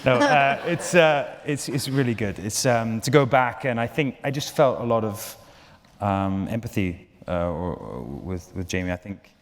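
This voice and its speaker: A man's voice: lowish voice, lively intonation, normal speed. A man with a Scottish accent, chatting casually and jokily on a stage panel. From Scotland. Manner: jokey, restarts and laughs often. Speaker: actor on a panel. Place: large auditorium on stage. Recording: long reverb of a large hall.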